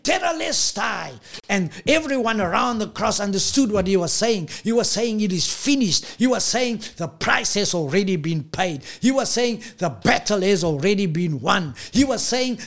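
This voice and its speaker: A man delivers a sermon with a high, gravelly voice that rises and falls in lively swings. He preaches emphatically, repeating phrases and slowing to stress key lines. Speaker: pastor.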